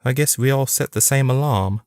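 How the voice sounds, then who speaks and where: A man's voice: mid-range voice, fairly quick, a little mellow, no echo, voice pushed up, natural voice. A man voicing a polite Englishman with an English accent and dry humor, in an audiobook.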